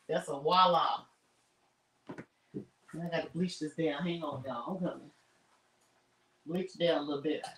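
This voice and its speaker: A woman's voice: deep voice, slow pace, long pauses, fairly bright tone, far from the mic, a little hiss or hum, low-quality recording. A middle-aged woman hosting a casual cooking livestream from her home kitchen, chatting straight to her viewers with lots of asides. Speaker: home cook livestream host.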